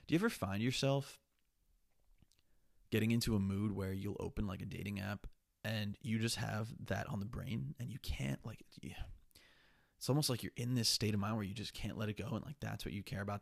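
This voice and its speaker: A young man talks through his day in a loose, profane solo podcast monologue. His voice sits low and has a gravelly fry to it. He sounds restless and slightly sniffly, and the sound is close and dry with no room echo. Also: a little fast. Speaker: podcast host.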